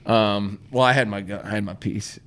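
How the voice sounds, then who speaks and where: A man's voice: fairly low pitch, fairly even intonation, normal speed, fairly bright tone. A young man from Indiana, a podcast co-host, telling a rambling camp story in casual chat and swearing constantly. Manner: rambling, heavy swearing, acts out his own reactions.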